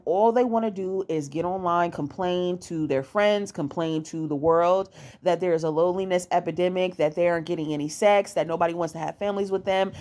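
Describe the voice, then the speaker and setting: A woman's voice: medium pitch, a little mellow. A young woman giving dating advice in a casual monologue at home. She is blunt and profane and repeats her points to hammer them home.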